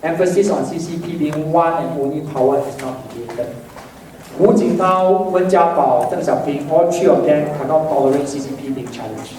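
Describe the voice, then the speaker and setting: Male teacher, mellow higher voice, drilling repetition, distant echoey classroom recording. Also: moderate pace. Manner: drilling repetition with frequent "ah" tags. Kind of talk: classroom lecture. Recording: very echoey classroom, mic far off, faint noise.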